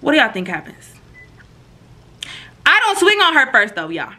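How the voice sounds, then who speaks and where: A woman with a bright, forceful voice pitched a little high tells a storytime straight to her viewers. She is animated and slangy and acts out each quote as she goes. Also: moderate pace. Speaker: storytime vlogger. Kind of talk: casual storytime addressed to viewers.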